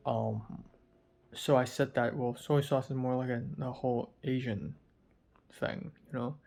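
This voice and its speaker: A man's voice: medium pitch, steady tone, gravelly, darkish tone. A sleepy man from Hong Kong, rambling through a casual video diary with lots of fillers. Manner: rambling, halting, many fillers. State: tired and sleepy. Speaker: vlogger.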